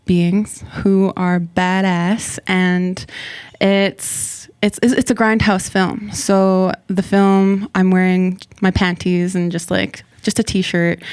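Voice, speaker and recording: A woman's voice: on the low side, darkish tone, smooth, no echo. A young adult woman, a hip-hop artist and actor, rapping and half-singing her rhymes in a small radio studio, then chatting casually with laughs and restarts. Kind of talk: live rap performance and casual interview. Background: hip-hop beat under the rap.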